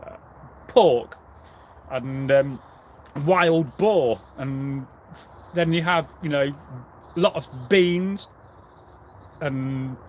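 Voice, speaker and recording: In a rambling, casual live chat, a history channel host answers viewers, chatting with many fillers and restarts. His voice is fairly high-pitched, with a little hiss or hum in the audio.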